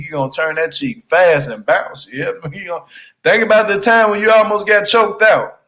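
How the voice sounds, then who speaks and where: A man's voice: high-pitched, steady tone, brisk, fairly bright tone, low-quality recording. A man giving casual, slangy recap commentary on a reality show, teasing and laughing as he talks. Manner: repeats "you hear me" for emphasis.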